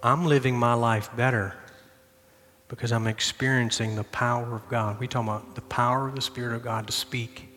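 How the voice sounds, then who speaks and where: A middle-aged man pastor preaching a sermon, telling a lively personal story with shouted bursts and then easing into quiet prayer. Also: mid-range voice, brisk. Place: church sanctuary. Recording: long hall reverb with faint music.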